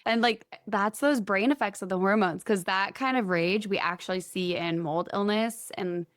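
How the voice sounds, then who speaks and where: A woman's voice: medium pitch, dry recording, studio quality. A woman co-hosting a podcast, explaining health topics in an upbeat, chatty way and running through lists of points. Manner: upbeat, explains in quick lists, laughs easily. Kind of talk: casual explanatory chat.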